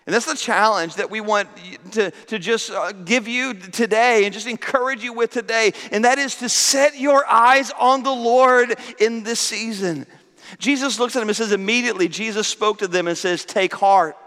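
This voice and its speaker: A man preaching a sermon, emphatic and repetitive, swinging from soft to loud. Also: sits high, moderate pace, big-room sound. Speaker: pastor.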